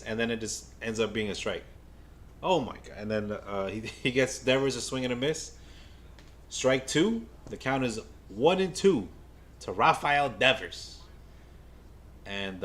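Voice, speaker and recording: A man livestreaming a baseball game as a fan, giving casual play-by-play to his chat, stammering and repeating himself, then bursting out when a play excites him. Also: mid-range voice. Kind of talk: casual live game watch-along commentary.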